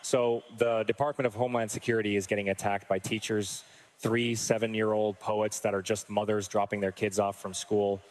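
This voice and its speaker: A male political commentator with a somewhat low voice runs through the news in an online commentary. His reactions are blunt and exasperated. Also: little pitch movement, normal speed.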